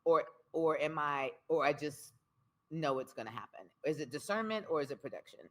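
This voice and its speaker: A spoken word poet appears as a guest in an interview, speaking frankly in a low voice at a moderate pace. Her delivery is emphatic and full of feeling, with repeated phrases giving it a rhythmic pulse.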